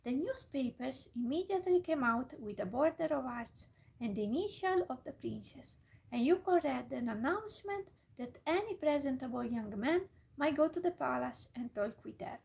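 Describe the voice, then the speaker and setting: A woman reading a fairytale aloud in a whispered role-play, soft and slow with small slips. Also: high-pitched, animated, vocal fry, poor audio. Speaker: storyteller.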